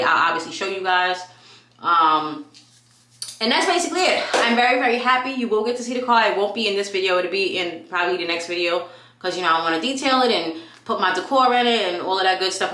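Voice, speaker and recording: A woman telling a story in a casual vlog at home. She talks in a chatty, animated way and acts out what people said. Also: on the low side. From New York. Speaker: vlogger. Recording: echoey room.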